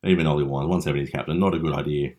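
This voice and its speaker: A man's voice: a bass voice, steady tone, racing, darkish tone. A young Australian man hosting a casual fantasy league recap, chatty and teasing with mock-dramatic flair. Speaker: fantasy league podcast host.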